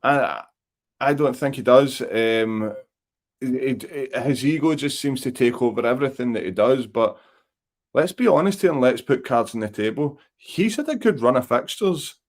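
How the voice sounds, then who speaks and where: A man's voice: mid-range voice, lively intonation, normal speed. Give me a Scottish man hosting a podcast, frank and exasperated, talking over a call. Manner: blunt, exasperated, frank opinions. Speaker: podcast host. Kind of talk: live football reaction chat.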